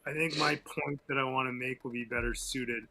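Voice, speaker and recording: A male co-host speaks in a bright, forward voice at a medium pitch. He talks casually and hesitantly, thinking aloud as he decides where his point fits. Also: fairly even intonation, fairly quick. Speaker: podcast co-host. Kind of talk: casual podcast discussion.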